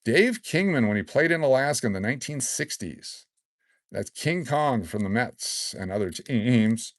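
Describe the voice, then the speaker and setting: Excitable rambling man hosting a live stream. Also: medium pitch, unhurried, dry recording, clean studio sound. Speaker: livestream host giving away collectible cards. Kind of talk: casual live-stream chat.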